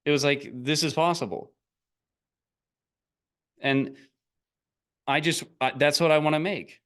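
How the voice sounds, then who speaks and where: A man's voice: a little high, steady tone, moderate pace, a bit bright, clear, resonant tone. A middle-aged man coaching on online business in a blunt, rambling, casual motivational talk, often breaking into laughs.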